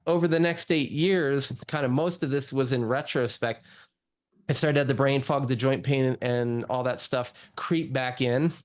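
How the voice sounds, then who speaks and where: A man's voice: medium pitch, steady tone, moderate pace. A man, a doctor, telling his own story in a casual interview, full of "like" and "you know". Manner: chatty, lots of "like" and "you know". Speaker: guest doctor.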